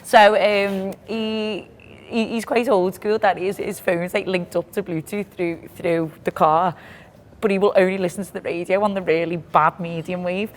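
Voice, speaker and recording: A woman with a Liverpool accent, co-hosting a podcast and talking about football in a lively, emphatic way. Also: medium pitch, moderate pace. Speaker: podcast co-host. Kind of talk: casual football chat.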